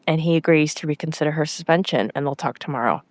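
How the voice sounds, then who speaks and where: Lower-voiced woman recapping a TV episode. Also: quick pace, no room sound. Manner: animated storyteller quoting characters. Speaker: podcast co-host.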